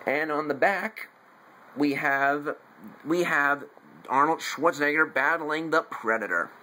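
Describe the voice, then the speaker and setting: A young man, in his teens, reviewing a movie at home in a rambling, excitable way, talking in bursts. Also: on the high side, unhurried, poor audio. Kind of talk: casual home video review. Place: room at home, family in the house. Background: faint TV noise from downstairs.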